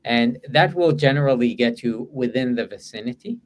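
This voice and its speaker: A man's voice: medium pitch, lively intonation, moderate pace. A man presenting in an online webinar, answering audience questions in a hesitant way with many fillers and restarts. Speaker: guest presenter.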